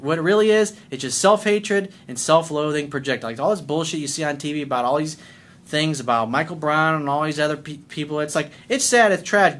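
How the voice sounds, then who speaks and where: A man's voice: a little high, fairly bright tone. A man working as a life coach, delivering a blunt, combative rant to camera, swearing constantly.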